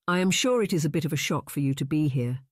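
A man's voice: on the high side, lively intonation, fast talker, no echo, studio quality. A man narrating an audiobook voices an arrogant young marquis who needles the ladies with smug remarks.

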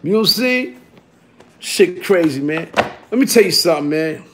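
A man telling a rough, profane story in a casual, animated way, punctuated by "you heard?". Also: high voice, normal speed, noisy background. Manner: animated, repeats "you heard?", bursts into shouting.

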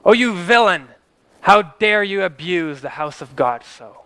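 A man's voice: high-pitched, moderate pace, a bit bright, clear, resonant tone, voice pushed up. A man voicing a devout, steadfast pastor who speaks solemn, fervent words of faith. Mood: outraged. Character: devout, steadfast male pastor facing death.

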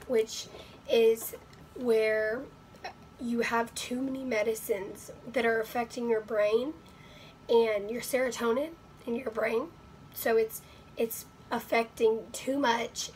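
A woman vlogs from her bedroom in a hoarse, nearly gone voice that sits a little high. She rambles with lots of fillers and keeps slipping into breathy whispers. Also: slight background noise, rough recording. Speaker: vlogger. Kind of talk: casual talk to camera.

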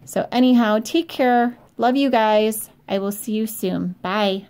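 A woman's voice: a little high, unhurried, darkish tone, clean tone. A middle-aged woman teaching French in a recorded remote lesson, explaining in a friendly way with fillers and check-ins.

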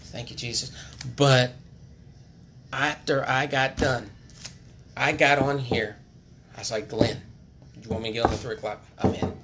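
A man who sells cars, speaking unscripted on a charity livestream, earnest and repetitive, sometimes dropping to a hush. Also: mid-range voice, steady tone, measured pace, pauses often, noisy background. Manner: earnest, repetitive, preachy, drops to hushed tones. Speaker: car salesman on a charity livestream. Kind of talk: impromptu motivational appeal.

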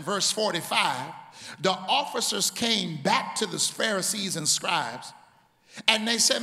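A male pastor preaching a sermon in a large church. He shouts and rises into a sung cadence. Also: high voice, expressive, slow, gravelly. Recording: reverberant church hall, organ and crowd.

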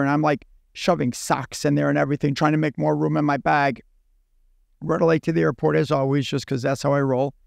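A man with a gravelly, fairly high voice tells a story as a podcast guest. He acts out each exchange in quick animated bursts. The mic is close and dry. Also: dry recording. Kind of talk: casual storytelling.

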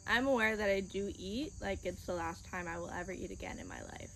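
A woman's voice: mid-range voice, a little fast, few pauses, a bit bright, a little hiss or hum. A young woman chatting casually in a crafting vlog, bubbly and gushing, sometimes counting stitches under her breath. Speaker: crafting vlogger.

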